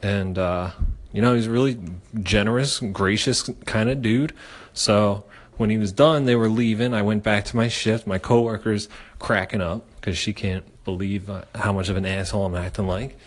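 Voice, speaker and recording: A man in his forties from the Philadelphia area telling a personal story in a casual, animated way, swearing freely and using lots of fillers. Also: on the low side, normal speed. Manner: animated and profane, with frequent fillers.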